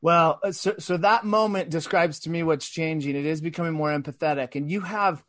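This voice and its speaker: A man in a business podcast conversation, telling a workplace story in an earnest, animated way with frequent restarts. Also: on the high side, brisk, no echo, clean studio sound. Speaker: sales executive guest.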